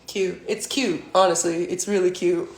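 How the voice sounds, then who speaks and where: A woman's voice: lowish voice, steady tone, normal speed, darkish tone. A woman in her twenties, a professional athlete, ranting emphatically and profanely on a phone livestream. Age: 20s. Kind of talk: livestream rant.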